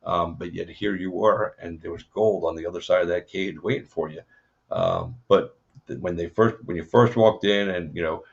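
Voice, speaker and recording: Deep-voiced man rambling as interview host. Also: moderate pace, gravelly. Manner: rambling, profane, many fillers. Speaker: podcast host. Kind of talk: casual interview. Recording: dull lo-fi audio.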